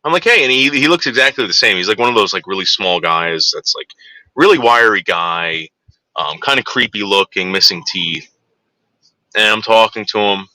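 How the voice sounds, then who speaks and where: Man, 40s, crude rambling storyteller, bright lively voice, dry sound. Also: lowish voice, normal speed, dry recording, low-quality recording. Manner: rambling, crude, digressive, frequent fillers. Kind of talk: rambling anecdote.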